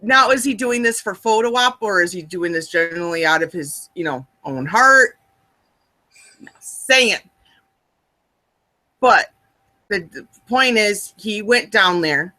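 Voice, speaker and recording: Lively Midwestern woman, bright and animated. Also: medium pitch, unhurried, pauses often. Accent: Midwestern American. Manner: animated, laughs often, exclamatory. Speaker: co-host. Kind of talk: casual chat.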